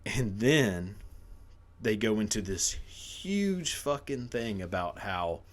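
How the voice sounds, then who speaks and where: Man, low voice, casual comic storytelling, profane, rambling, frequent laughs. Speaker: podcast host.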